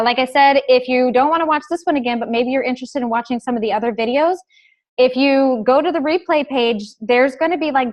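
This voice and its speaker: A woman in her thirties hosting a live online class as a life coach, chatty and upbeat, with many asides. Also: on the high side.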